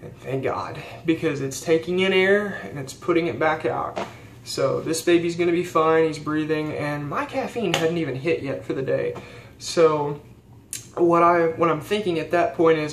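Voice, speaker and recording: A man's voice: fairly high pitch, normal speed. A young man and theology student telling a story in a casual vlog, earnest and rambling with fillers and restarts. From rural United States. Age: young adult. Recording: echoey room with faint background hiss.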